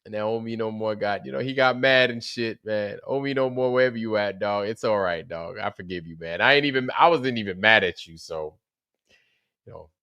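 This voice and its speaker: A man's voice: on the low side, a little fast, bright, forceful tone, smooth, dry recording. A man hosting a livestream, chatting casually about a show that just ended. He swears freely, laughs often and greets viewers by name. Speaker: livestream host. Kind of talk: casual livestream recap chat.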